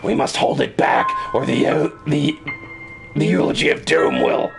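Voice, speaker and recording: A man's voice: fairly high pitch, unhurried, creaky. A man voicing a theatrical young male bird who speaks in cryptic, overblown pronouncements, with game music behind him. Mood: ominous. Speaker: game streamer voicing a character.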